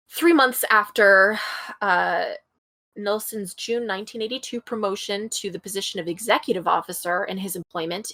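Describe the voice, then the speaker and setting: A woman's voice: medium pitch, pushed and bright. A woman co-hosting a podcast, reading a true-crime case from her notes in a casual way, tripping over place names and adding blunt comments. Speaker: podcast co-host.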